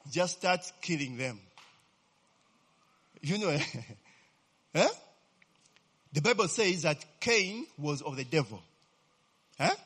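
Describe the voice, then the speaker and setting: A man's voice: a little high, fairly bright tone, husky. A man preaching a sermon to a congregation, tagging his sentences with a questioning "eh?", prompting answers and chuckling as he goes. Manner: chuckles often mid-sentence. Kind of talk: lively sermon with audience call-and-response.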